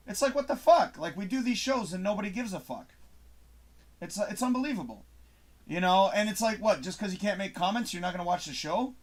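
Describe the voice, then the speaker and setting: Ranting high-voiced male host. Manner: ranting, swearing, emphatic bursts. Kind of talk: frustrated monologue to camera. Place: home studio.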